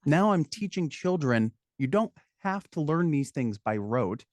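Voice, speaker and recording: A man's voice: fairly high pitch, unhurried, dry recording. Upbeat guy explaining stuff on a studio show, dry close sound. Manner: lively, salesy, explains with examples. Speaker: guest, business consultant. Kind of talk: casual interview chat.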